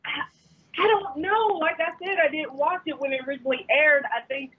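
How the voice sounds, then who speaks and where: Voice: high-pitched, expressive, fairly quick. A caller with a Kentucky accent speaks hesitantly, leaning on fillers and little giggles. The voice comes through a muffled, dull-sounding phone line. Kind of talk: casual phone chat.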